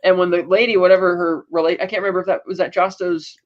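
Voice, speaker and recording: A woman's voice: fairly low pitch, steady tone, quick pace, dull audio. A woman co-hosting a podcast, casually recapping episodes in a rambling way and acting out quotes. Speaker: podcast co-host.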